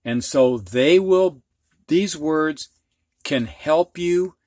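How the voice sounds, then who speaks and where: A man's voice: on the high side, drawn-out words, darkish tone, no room sound, clean studio sound. A middle-aged man teaching a reading lesson, patiently spelling out letters and walking through each step. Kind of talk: instructional video lesson.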